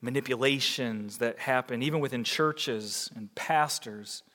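Preaching man, echoing hall. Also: measured pace. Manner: swings from loud emphatic peaks to hushed low passages. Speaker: pastor. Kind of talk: sermon.

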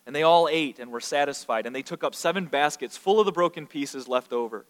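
A man's voice: on the high side, fairly quick, big-room sound. A man preaching a sermon as pastor, earnest, and stumbling over repeated words when he builds emphasis.

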